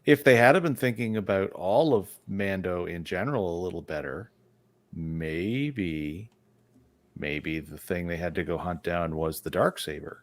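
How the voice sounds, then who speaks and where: A man's voice: low voice, unhurried, dry recording. A man hosting a casual discussion, talking emphatically and with strong opinions.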